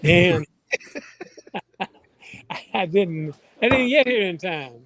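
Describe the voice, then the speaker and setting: An older man with a Southern accent, a guest reporter on a radio sports show, talking in a folksy, unhurried, self-deprecating way. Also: high voice, expressive, noisy background. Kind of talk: phone-in radio chat.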